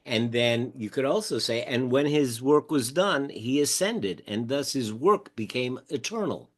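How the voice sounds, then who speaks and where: Animated older male storyteller. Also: mid-range voice, a little slow. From United States. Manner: animated storyteller acting out quoted dialogue. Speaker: podcast guest, mindfulness teacher. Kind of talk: casual storytelling interview.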